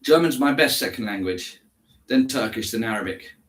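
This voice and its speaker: A man's voice: medium pitch, lively intonation, moderate pace, fairly bright tone. An English man chats casually on a live stream. He answers viewers one by one and calls them by name. He talks in an easy, conversational way. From England. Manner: chatty, answers viewers by name, switches into German. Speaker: livestreamer reading chat.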